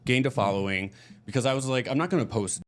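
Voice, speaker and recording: A man's voice: medium pitch, quick pace. A man from Michigan, telling stories candidly as a podcast guest. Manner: candid, chatty storytelling. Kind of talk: casual chat.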